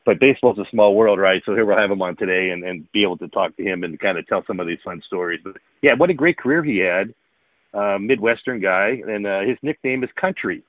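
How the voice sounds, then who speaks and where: Deep guy rambling casually, lots of ums, dry tinny phone sound. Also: a little fast, dry recording. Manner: rambling, many fillers and restarts. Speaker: podcast co-host, former pro baseball player. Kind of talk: casual chat.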